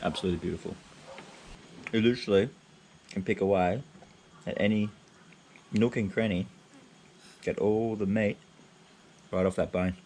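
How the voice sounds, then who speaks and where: A man's voice: on the low side, steady tone, moderate pace, long pauses, darkish tone, slight background noise. A man hosting a vlog, talking casually and brashly through a cooking demonstration outdoors at a barbecue. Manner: brash and easygoing, mild swearing. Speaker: vlog host.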